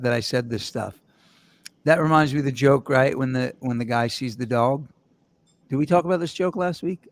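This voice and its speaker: A man hosting a casual podcast, telling rambling jokey stories with his co-hosts. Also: medium pitch. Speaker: host.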